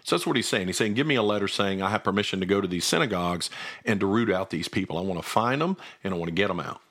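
Low-voiced man explaining scripture earnestly. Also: animated, very fast, a bit bright. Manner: earnest, explanatory, thinks aloud. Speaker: Bible study co-host. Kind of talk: conversational scripture teaching.

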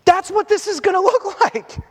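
High-voiced pastor preaching in a hall. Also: male voice, moderate pace. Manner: animated storytelling, scripture reading, hushed appeals. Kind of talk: sermon. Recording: hall reverb.

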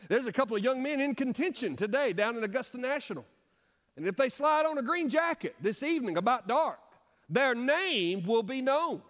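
A middle-aged man preaching a sermon as pastor, with dramatic pauses and emphatic repetition. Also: high voice, big pitch swings, fairly bright tone. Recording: long hall reverb.

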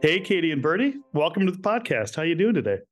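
A man's voice: on the high side, sing-song, fast talker, soft background music. A man hosting a podcast, introducing guests and questions in a friendly, upbeat way. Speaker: podcast host.

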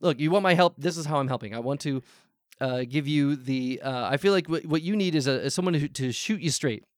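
An actor playing a nervous, overly polite advice-show host who stammers constantly, heard over a video call. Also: male voice, on the high side, brisk, dry recording, clean studio sound, close to an everyday voice. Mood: flustered. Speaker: improv comedy host.

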